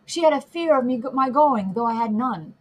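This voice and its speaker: Woman reading frail old male prisoner, halting, breathy, fairly high, audiobook. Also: expressive, poor audio. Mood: wondering. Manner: halting, wondering, broken speech.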